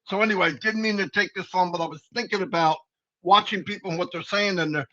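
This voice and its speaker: A man's voice: high voice, steady tone, fast, pushed and bright. A man co-hosting a live company stream, giving rambling, folksy, preachy advice in a casual pep talk. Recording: dull lo-fi stream audio.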